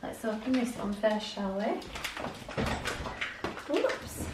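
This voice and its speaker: A young woman, a vlogger, talking to her dogs at home in doting sing-song baby talk, with gasps and soft whispers. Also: mid-range voice, fairly even intonation, slow, heavy background noise. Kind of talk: casual vlog chat to her dogs. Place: home, indoors.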